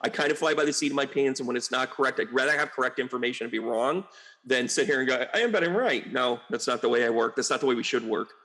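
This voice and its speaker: This psychic medium talks quickly in a mid-range voice, rambling through casual commentary on politics. His animated monologue keeps veering into asides, mocking quotes and irritated outbursts.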